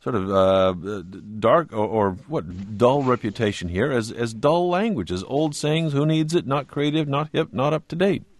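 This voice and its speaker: A man's voice: medium pitch, moderate pace, hardly any pauses, no room sound. A man interviewing an author on the radio, with a wry, joking manner.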